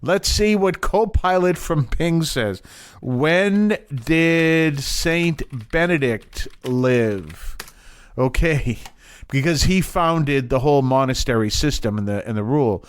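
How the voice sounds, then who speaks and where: A man's voice: mid-range voice, expressive, moderate pace, clean tone. A man giving an informal Bible teaching talk, thinking aloud and wandering off on tangents, with frequent fillers and restarts.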